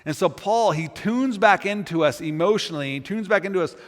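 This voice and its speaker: A pastor with a bright, high voice preaches a sermon, earnest and animated at a brisk pace. He often doubles back on words as he builds toward a point, and the long reverb of a large hall rings around him.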